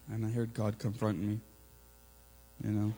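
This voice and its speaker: A man giving an informal, earnest sermon, building to loud emphatic peaks, with a mains hum behind him. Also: lowish voice, completely flat delivery, unhurried, low-quality recording. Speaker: preacher.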